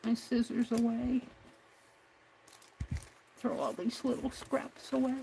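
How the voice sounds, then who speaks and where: A woman's voice: a little high, takes it slowly, vocal fry, warm tone, a little hiss or hum. A woman hosting a craft livestream, talking herself through each step at her home desk. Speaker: craft channel host. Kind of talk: casual crafting livestream narration.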